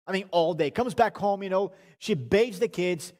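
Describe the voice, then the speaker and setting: High-voiced man teaching in a hall. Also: moderate pace. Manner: animated, humorous, repeats words while restarting. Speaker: marriage seminar speaker. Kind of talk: conversational teaching talk.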